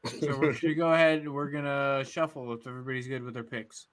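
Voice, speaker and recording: A man's voice: mid-range voice, brisk. A man hosting a podcast in an easygoing way. He hesitates a lot and fills gaps with ums while he steers the chat. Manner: relaxed, hesitant, lots of ums. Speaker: podcast host. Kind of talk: casual chat.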